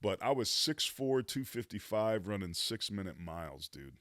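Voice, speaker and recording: A man's voice: on the low side, very animated, normal speed, fairly bright tone, no echo, clean studio sound. A man in his fifties, a former pro football player, telling his life story as a podcast guest in an earnest, motivational way with casual slang. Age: 50s. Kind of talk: reflective storytelling in conversation.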